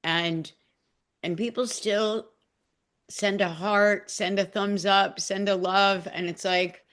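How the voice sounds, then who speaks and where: Woman group member, near tears, self-deprecating, halting and raw. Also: mid-range voice, fairly even intonation, a bit bright. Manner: emotional, self-deprecating, many restarts. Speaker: group participant. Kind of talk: casual heartfelt sharing.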